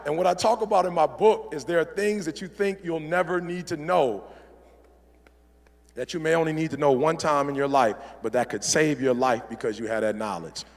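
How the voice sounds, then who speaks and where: A middle-aged man giving a motivational convention speech in a preacherly style, building from quiet to shouted fervor. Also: fairly high pitch, moderate pace, gravelly. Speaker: motivational speaker. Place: large convention hall. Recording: live hall reverb.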